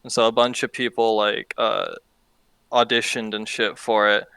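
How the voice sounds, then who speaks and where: Flat-toned young man, casual producer chat. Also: lowish voice, moderate pace, clear, resonant tone, dry recording. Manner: laid-back, slangy, swears and laughs often. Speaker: music producer guest.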